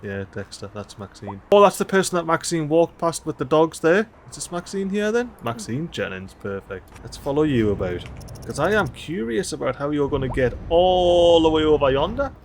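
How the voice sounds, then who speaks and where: A man's voice: on the high side, very animated, moderate pace, slight background noise. A man casually commenting on a city-building game, joking and chatting to the little citizens, with faint game sounds behind. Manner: chatty, jokey, talks to game characters. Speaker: gameplay streamer. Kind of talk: casual let's-play commentary.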